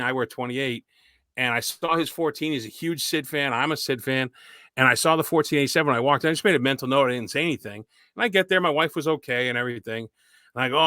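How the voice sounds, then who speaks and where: New man in his thirties, bright, forceful tone, dry close sound, rambling anecdotal co-host. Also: medium pitch, no echo. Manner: rambling anecdotal storyteller, relaxed. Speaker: podcast co-host. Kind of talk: casual chat.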